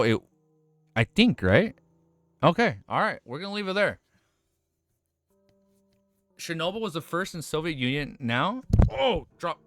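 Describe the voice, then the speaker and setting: A young American man reacting to a webnovel on stream, excitable and swearing often, laughing as he talks. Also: a little high, no echo. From United States. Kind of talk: casual reaction commentary.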